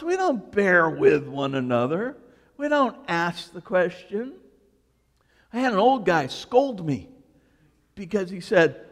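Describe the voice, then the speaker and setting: Pastor, man, high animated voice, slow unhurried delivery, reverberant church hall. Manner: animated, joking storytelling. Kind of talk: sermon. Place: church sanctuary.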